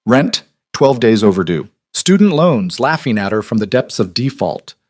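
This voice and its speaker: A man narrating a scripted drama story in a measured, dramatic reading. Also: medium pitch, very animated, no echo.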